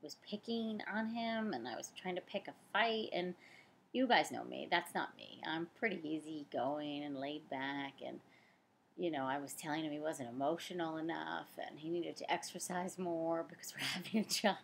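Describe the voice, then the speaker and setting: A woman's voice: sits low, moderate pace, gravelly, slight background noise. A woman in her forties talking candidly and casually in a personal vlog update, tired and chatty. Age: 40s. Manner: candid and chatty, with frequent fillers and self-corrections. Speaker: fertility practitioner. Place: home, on the couch.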